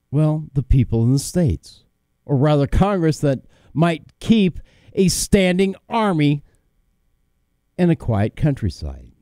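A talk radio host with a slightly high, warm voice delivers an opinionated, combative monologue with emphasis, using fillers and repeating words. There's no room sound in the recording.

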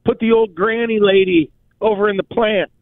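A man with a high voice tells stories in casual chat, acting out what people said and dropping "bro" and "like" all the time. The sound is dry and thin, as if it came through a phone line. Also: normal speed, no room sound. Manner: animated storyteller, acts out quotes, says "like" and "bro" often.

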